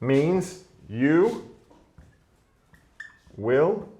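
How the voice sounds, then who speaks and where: A man with a fairly high voice teaches a religious lesson as a rabbi. He works through the text aloud, circling back to rephrase his points. He keeps asking rhetorical questions. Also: very animated, drawn-out words, dark tone. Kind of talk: explaining a text to an audience.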